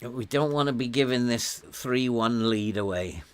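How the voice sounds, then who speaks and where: A man's voice: medium pitch, unhurried, clear, resonant tone. An older Welsh man giving casual gameplay commentary on his stream, chatting away, coaxing and scolding his virtual players and often chuckling. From Wales. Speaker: game streamer.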